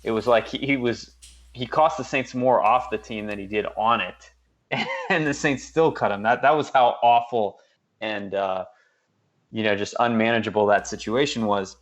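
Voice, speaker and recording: A man's voice: on the low side, normal speed. A man co-hosting a casual sports podcast, rambling with lots of fillers and restarts. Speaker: podcast co-host.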